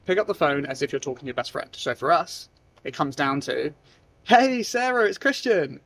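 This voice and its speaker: A young man giving casual sales advice, now and then acting out phone calls in lively voices. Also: medium pitch, fairly quick, creaky, no room sound. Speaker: sales trainer. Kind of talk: casual talking-head advice.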